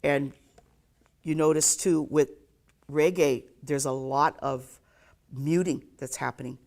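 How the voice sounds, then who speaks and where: Gravelly-voiced ukulele teacher. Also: mid-range voice, fairly even intonation, takes it slowly, darkish tone. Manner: checks in with "okay?" after nearly every point; counts beats aloud while demonstrating. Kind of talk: live online music lesson.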